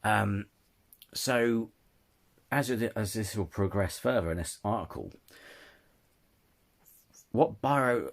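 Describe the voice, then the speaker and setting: A man's voice: fairly low pitch, animated, unhurried, pauses often. A man ranting in a casual opinion video, stumbling over words, restarting sentences and apologizing often. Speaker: channel host. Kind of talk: casual opinion rant to camera.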